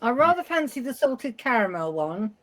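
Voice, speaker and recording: A woman's voice: fairly high pitch, normal speed. A woman from the UK co-hosting a casual web chat show, telling anecdotes and acting out the people in them. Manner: storytelling, quoting herself and others with lively voices. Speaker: co-host.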